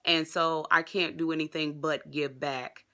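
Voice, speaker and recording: A woman with a drawl chats excitedly to her viewers in a casual vlog. Her voice is very bright and forward, and she keeps calling them y'all. The delivery stays loose and talkative, with fillers along the way. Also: sits low, a little slow. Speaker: vlogger.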